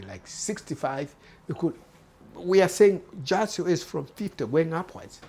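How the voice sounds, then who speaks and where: A man's voice: medium pitch, breathy edge. A man, likely in his fifties, talking straight to the camera as a channel host, earnest and urging, often repeating his phrases. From former British colony. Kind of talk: direct-to-camera talk.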